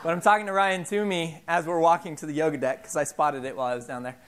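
A man in his thirties giving an informal sermon, telling stories in a halting way with many fillers and restarts. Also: on the high side, noisy background. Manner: animated, self-deprecating storyteller. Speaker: preacher.

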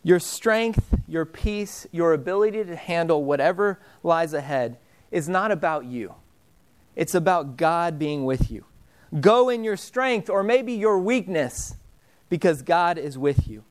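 A young man preaching with a high, clear, smooth voice. He talks to his listeners in a relaxed, conversational way, then goes quiet and slow to land the key lines. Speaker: pastor. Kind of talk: sermon.

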